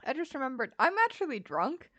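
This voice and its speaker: A woman's voice: high voice, sing-song, a little fast, fairly bright tone, no echo, lo-fi sound. A woman at a tabletop game, playful and giggly. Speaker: player. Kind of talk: tabletop role-play chat.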